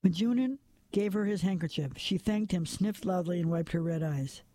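A man reading a crime novel aloud in even, steady scripted narration. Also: high voice, moderate pace, background noise. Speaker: audiobook narrator.

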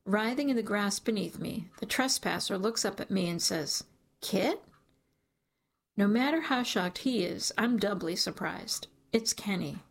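A woman reading a first-person story aloud as an audiobook narrator, in a measured storytelling manner. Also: medium pitch, animated, creaky.

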